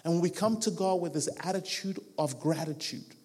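A man's voice: fairly high pitch, normal speed, darkish tone, breathy edge. A man giving a sermon as a guest preacher in a church hall, building his points through rhythmic repetition and acting out the voices he quotes. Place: church hall with a live band. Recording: long hall reverb.

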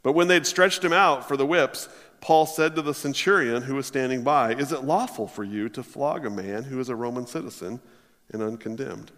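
A man preaching a sermon, reading scripture aloud and then expounding on it with emphatic, drawn-out stresses. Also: medium pitch, fairly bright tone, long reverb tail.

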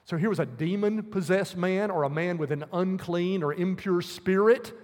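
Male preacher, high voice, earnest verse-by-verse sermon, long hall reverb. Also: normal speed, a little mellow. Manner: earnest, explaining scripture verse by verse.

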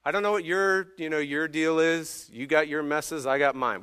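A man in his thirties preaching a sermon as pastor, swinging from hushed, slow phrases to emphatic, rising ones. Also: a little high, clear, resonant tone.

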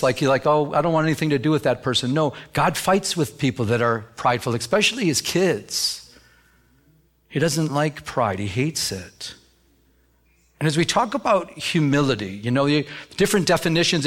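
A man's voice: on the high side, fairly bright tone. A man preaching a sermon as pastor, with many restarts, who acts out the voices he quotes.

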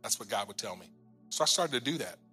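A man in his forties tells a personal testimony to a church congregation. His voice is bright and forward, and he acts out each exchange as he tells it. His tone sinks low and quiet at the emotional turns, with soft music faintly underneath. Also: expressive, fast. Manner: storytelling, acting out his own lines and others' in the retelling. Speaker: guest minister.

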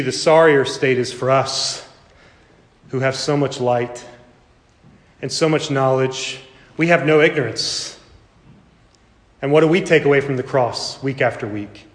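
A man preaching a sermon, his delivery swelling loud and high before dropping to a hush. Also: unhurried, long pauses, echoey room, big-room sound.

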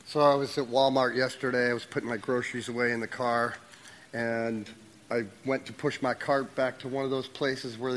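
A man telling a personal testimony to his church, narrating the story with lively quoted dialogue. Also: mid-range voice, in a large hall. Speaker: church member sharing a testimony.

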